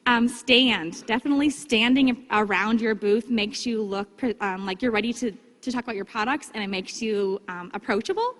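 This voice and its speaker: A woman's voice: normal speed, hardly any pauses, a bit bright. Upbeat woman teaching in a reverberant hall. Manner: upbeat, acts out customer chats in a higher voice. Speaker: direct sales consultant giving vendor training. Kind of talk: training talk to a team.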